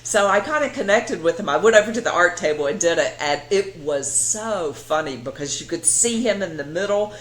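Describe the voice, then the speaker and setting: A woman's voice: on the low side, a little fast, hardly any pauses. A middle-aged woman, telling stories as an interview guest and acting out the voices of the people in them. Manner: animated, acts out quoted voices, laughs often. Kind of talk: casual storytelling in an interview. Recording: echoey room.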